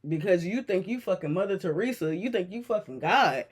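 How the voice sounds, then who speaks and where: A reaction video host with a husky mid-range voice talks fairly quickly with lively intonation, cursing a lot. Exasperated, the host repeats clip lines aloud and does mocking impressions of the people in the clip.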